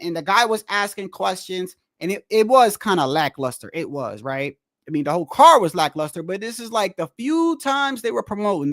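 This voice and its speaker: High-voiced man rambling about boxing. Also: fairly bright tone, no room sound, clean studio sound. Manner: rambling, repeats "bro", restarts often. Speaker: streamer reacting to boxing clips. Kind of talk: casual reaction commentary.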